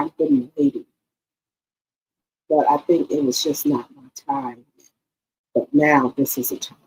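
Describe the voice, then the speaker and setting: A woman's voice: on the low side, a little mellow, husky, low-quality recording. A woman hosting her own channel, talking to her viewers in an emotional, casual way and repeating herself often. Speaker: YouTube channel host. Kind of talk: casual heartfelt talk to viewers.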